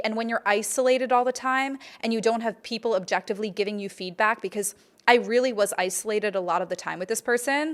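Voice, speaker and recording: A young adult woman hosting a podcast, telling a personal story in a candid, emphatic way and swearing freely. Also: medium pitch. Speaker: podcast host.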